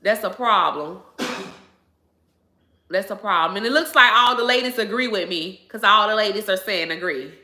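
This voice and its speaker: A woman's voice: mid-range voice, a little slow, pushed and bright, echoey room. A woman hosting a casual livestream, talking emphatically, repeating herself and laughing often. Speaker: livestream host answering viewers.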